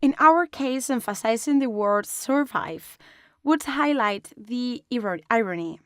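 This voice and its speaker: Slow, calm woman teaching design. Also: a little high, clean tone, no echo, clean studio sound. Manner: calm, step-by-step explaining. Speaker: design instructor. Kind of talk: online lesson narration.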